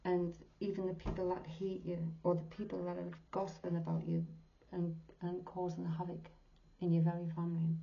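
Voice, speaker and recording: Sixties lady reading tarot cards, low-ish voice, earnest, slips into whispers, dull lo-fi sound. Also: monotone, a little fast, gravelly, hardly any pauses. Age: 60s. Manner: earnest and heartfelt, often dropping to a whisper. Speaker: psychic medium giving a tarot reading. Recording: dull lo-fi recording.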